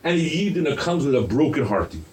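Animated male preacher, distant mic. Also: a little high, fast talker. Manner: animated, rhetorical questions to the crowd. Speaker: rabbi. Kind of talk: sermon.

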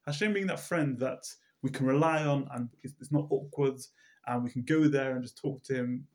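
Male Torah teacher, middle-range voice, animated storyteller, stumbles and repeats himself. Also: mid-range voice, moderate pace. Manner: repeats words, many fillers, animated storyteller. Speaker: religious teacher.

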